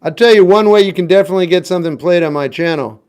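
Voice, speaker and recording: A man's voice: high voice, very fast, a little mellow, clear, resonant tone. A man in his fifties, a singer-songwriter chatting casually on a livestream, answering comments in a blunt, wry, offhand way. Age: 50s. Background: guitar playing.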